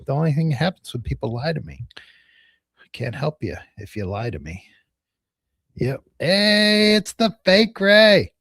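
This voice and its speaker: A man's voice: mid-range voice, big pitch swings, normal speed, gravelly, pauses often, a little mellow, husky, no echo. Male host, chatty storyteller, laughs a lot, dry close mic. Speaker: livestream host, attorney. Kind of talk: casual livestream chat.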